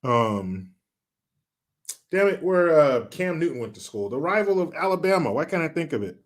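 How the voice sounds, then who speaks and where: A Californian man runs a casual livestream, chatting through viewer comments, joking, swearing freely, and stopping to laugh. His voice is a little high with big swings in pitch.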